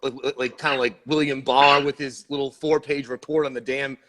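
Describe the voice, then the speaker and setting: Animated, bright-voiced man joking around. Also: medium pitch, moderate pace. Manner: animated, joking, stammers and restarts. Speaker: podcast panelist. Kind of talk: casual sports-podcast chat.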